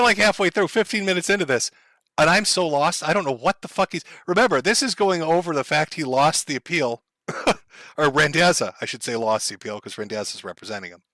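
A man's voice: on the high side, sharp tone, no echo. A man hosting a live stream, commenting bluntly on a clip with plenty of swearing and a lecturing tone.

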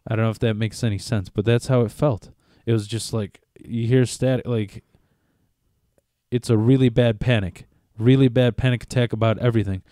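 Dark-voiced man telling a rambling story. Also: mid-range voice, steady tone, moderate pace, no echo, studio quality. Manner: rambling, profane, self-interrupting. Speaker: podcast co-host. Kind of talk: casual chat, storytelling.

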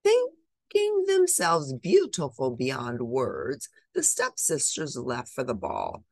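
A woman reading a picture book aloud, expressive and animated. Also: a bass voice, slow pace, vocal fry, dry recording. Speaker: storybook reader.

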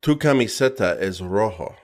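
Low-voiced, playful male podcast co-host. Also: animated, normal speed. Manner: playful and teasing, explains things at length. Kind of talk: casual chat.

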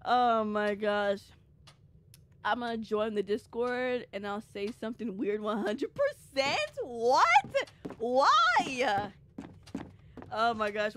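A woman's voice: a little high, lively intonation, slow pace, very noisy. A young woman streaming a game live, rambling and joking casually with her chat, with lots of filler words. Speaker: gaming streamer.

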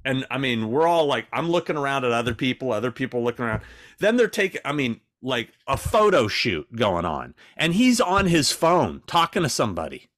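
An animated man co-hosting a podcast, with a voice that swoops up and down as he tells stories. He swears freely and acts out the people he quotes. The sound is close and dry, with no room around it. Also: mid-range voice, brisk, no echo. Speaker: podcast co-host. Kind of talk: casual chat.

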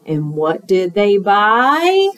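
A woman teacher reading a picture book aloud, expressive and rhythmic, adding asides to children. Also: medium pitch, very slow, dry recording. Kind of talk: storytime read-aloud.

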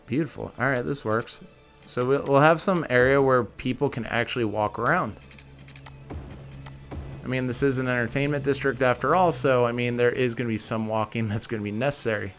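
A man's voice: mid-range voice, fairly quick, a bit bright, soft background music. Chatty man narrating gameplay. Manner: chatty, talks to viewers as "guys"; thinks aloud, self-correcting. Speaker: video game tutorial creator. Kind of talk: casual gameplay commentary.

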